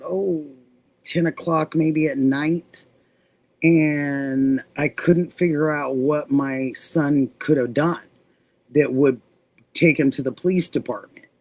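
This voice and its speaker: A middle-aged woman hosts a casual livestream and recounts a story at an unhurried, drawn-out pace. She brings the dialogue to life as she retells it. Her voice sounds dry and close, with no room echo. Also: deep voice. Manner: animated retelling, acting out quoted dialogue. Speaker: livestream host.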